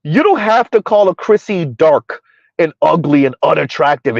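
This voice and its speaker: A man's voice: a little high, animated, moderate pace, creaky, no echo, muffled recording. A man hosting a casual commentary stream, arguing in rhetorical questions, throwing in "right?" and "huh?", and answering viewer chat. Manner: rhetorical, repeats "who would have ever thought" and "right? huh?"; talks about himself in third person. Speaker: commentary host.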